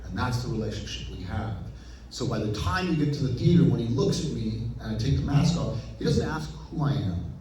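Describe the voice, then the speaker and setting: A man being interviewed as an actor guest, telling stories animatedly and acting out his own past thoughts in quick asides. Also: mid-range voice, expressive, warm tone, a little hiss or hum. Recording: roomy echo, picked up from a distance.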